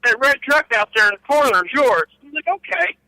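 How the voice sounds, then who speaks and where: Middle-aged man, bright tense voice, rambling profane storyteller, dry close sound. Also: very high voice, expressive, quick pace, no echo, rough recording. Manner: rambling, profane, laughing at his own stories. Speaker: guest storyteller. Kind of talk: casual storytelling.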